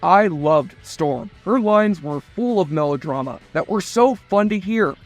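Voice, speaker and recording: High-voiced man narrating nostalgia. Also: lively intonation, measured pace, over loud music. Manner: chatty, enthusiastic fan commentary.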